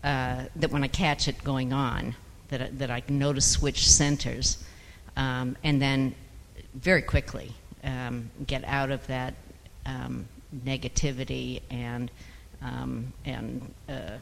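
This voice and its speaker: Gravelly man speaking haltingly in a hall. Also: medium pitch, flat delivery, a bit bright, slight background noise. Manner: hesitant, with many ums and restarts. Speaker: group participant. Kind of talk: sharing in a class.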